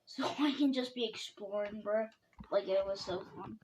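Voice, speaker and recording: A woman chiming in with her own memories in a relaxed, casual chat. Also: medium pitch, moderate pace, slight background noise. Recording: slightly dull lo-fi audio.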